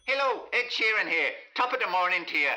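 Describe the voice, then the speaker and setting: A man's voice: sits high, expressive, fairly quick, bright, forceful tone, a little hiss or hum, voice pushed up, exaggerated voice, rough recording. A man putting on a cheeky, sweary fake Irish accent as a pop star in a comedy sketch. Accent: put-on Irish.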